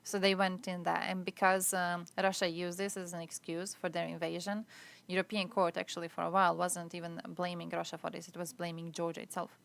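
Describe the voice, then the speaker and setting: A woman's voice: lowish voice, level tone, brisk, gravelly, a bit bright. Woman streamer, blunt and profane, live-stream commentary. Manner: blunt, sweary, exasperated ranting.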